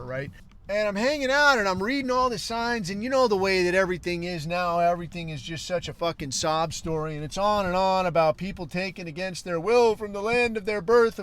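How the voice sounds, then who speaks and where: A man's voice: a little high, a bit bright, clean tone. Profane rambling man in his forties. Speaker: podcast host. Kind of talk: casual storytelling monologue.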